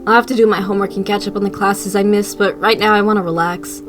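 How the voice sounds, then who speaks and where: A young woman reading a visual novel aloud as a video creator, with loud, playful outbursts. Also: mid-range voice, steady tone, quick pace, over music.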